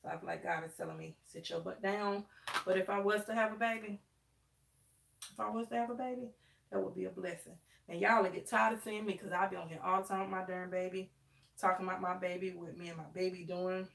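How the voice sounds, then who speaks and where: She's a woman in her thirties, a relaxed livestream host chatting casually while she does her hair, speaking fast in a lowish, gravelly voice. Chatty, she calls viewers "y'all" and uses dialect grammar; the mic sits at a distance in an echoey room.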